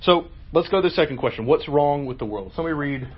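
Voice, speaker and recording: A man's voice: a little high, animated, fast, husky, highs cut off. A man leading a group Bible study, asking questions and explaining in a conversational, emphatic way.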